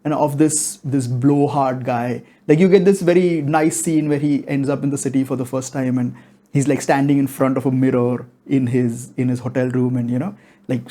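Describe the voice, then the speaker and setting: A man's voice: medium pitch, mellow. A man giving a casual movie review, rambling and filling his talk with "like" and "you know".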